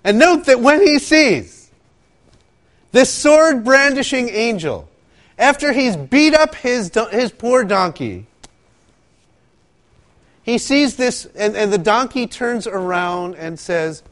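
A man preaching a sermon, telling stories with animated asides and acting out quotes. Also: extremely high pitch, slow pace, pauses often. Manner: animated storytelling, acts out quotes, laughs often. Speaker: pastor.

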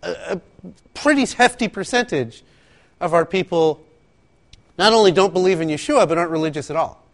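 A man preaching a sermon, telling stories with animated asides and acting out quotes. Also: high-pitched, fairly quick. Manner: animated storytelling, acts out quotes, laughs often. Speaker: pastor.

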